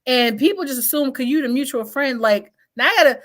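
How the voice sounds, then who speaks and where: A woman co-hosting a casual chat show, telling lively stories and laughing often. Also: sits high, fast talker, hardly any pauses. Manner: animated storytelling, laughing often. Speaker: co-host.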